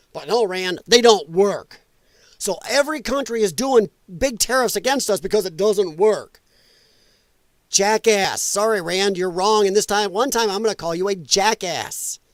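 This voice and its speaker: A high-voiced man hosting a political livestream, cursing and ranting with heat. His voice sits close and dry, with no room sound around it. He swings from anger to loose asides with the chat. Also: dry recording. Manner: heated, profane ranting. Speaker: livestream host.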